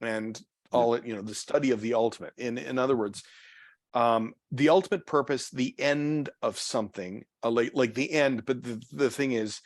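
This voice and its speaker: A man guides a Bible study in a church meeting room, speaking spontaneously with many fillers, restarts and phrases that trail away. His medium-pitched voice has fairly even intonation and normal speed, and there's no echo.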